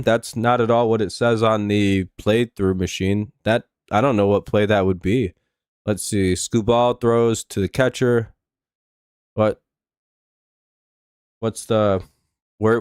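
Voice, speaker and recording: A man's voice: on the low side, a little mellow, smooth, no room sound, studio quality. A young man hosting a live baseball watch-along stream, chatting casually and ranting with heavy swearing at negative chatters. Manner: profane, exasperated ranting at chatters. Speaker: livestream host.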